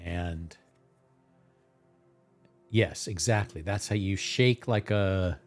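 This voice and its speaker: Relaxed guy doing tarot readings on a livestream, slow talker, chuckles a lot, faint music. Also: low-pitched. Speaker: tarot reader and livestream host. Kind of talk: casual live-stream chat and storytelling.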